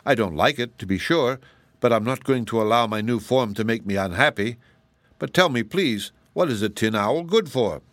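A man's voice: mid-range voice, expressive, moderate pace, a bit bright, no room sound, close to an everyday voice. A man reading aloud, voicing a courteous, mildly rueful enchanted tin owl in a storybook. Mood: polite.

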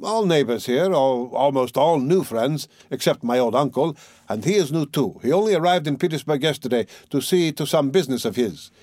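A man reading an audiobook, voicing an eager young male student friend in a raised, lively, insistent voice. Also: medium pitch, normal speed, no echo, studio quality, natural voice. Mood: chatty.

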